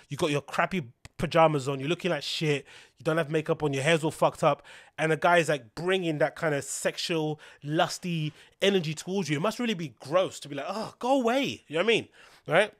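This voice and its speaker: Podcast host, young guy, a bit high, rambling and animated, swears, dry close sound. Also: brisk, no echo. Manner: rambling, animated when telling stories, swears freely. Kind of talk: casual monologue.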